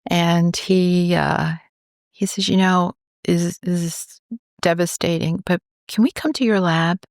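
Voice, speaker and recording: A woman's voice: fairly low pitch, slow, no room sound, clean studio sound. A woman from New York, a cancer researcher, telling a story in a podcast interview and acting out the voices of the people in it. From New York, USA. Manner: animated, acts out quoted dialogue.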